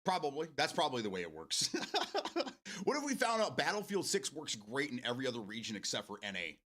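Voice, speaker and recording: Male host, casual home gaming talk show. Bright, animated voice. Rambling, profane and quick to laugh. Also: mid-range voice. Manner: rambling, restarts often, swears freely, laughs a lot.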